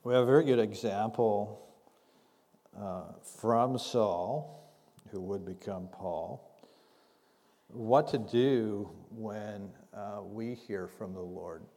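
A man preaching a sermon as pastor, conversational and unhurried, acting out scripture dialogue as he teaches. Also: on the low side, mellow. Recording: long hall reverb.

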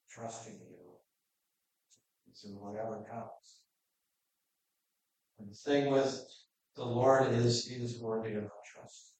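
A male pastor teaching through scripture in a relaxed, conversational voice, reading each passage and then talking it through. He is heard from some way off the mic, and his voice rings around a very echoey room. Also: lowish voice, distant mic. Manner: conversational, plainspoken, reads scripture aloud then explains. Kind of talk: verse-by-verse sermon.

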